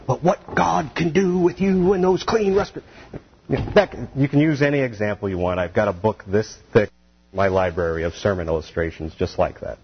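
A man's voice: sits low, expressive, normal speed, slight background noise. A man teaching a casual Bible study, retelling scripture in plain, conversational everyday speech, heard on a dull, lo-fi recording.

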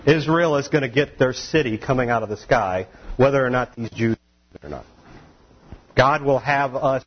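A man preaching a sermon in an animated, conversational way, with asides and laughs. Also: medium pitch, moderate pace, husky, dull audio.

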